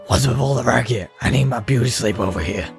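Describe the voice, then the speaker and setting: Man putting on a gravelly lazy hobo. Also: medium pitch, quick pace, soft background music, voice pushed up, lightly acted. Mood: lazy, friendly. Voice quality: gravelly, throat-straining.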